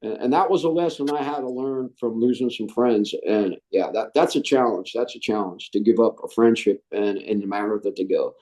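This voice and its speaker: A middle-aged man, a Marine veteran, telling his story in an interview, animated and acting out the voices he quotes. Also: on the low side, brisk, few pauses.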